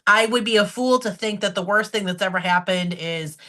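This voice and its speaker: A woman's voice: mid-range voice, a little fast, pushed and bright. A woman in her forties, a podcast host, telling her own story in an open, emotional, chatty way. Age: 40s. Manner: open, emotional, conversational with frequent "like" fillers. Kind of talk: candid personal storytelling.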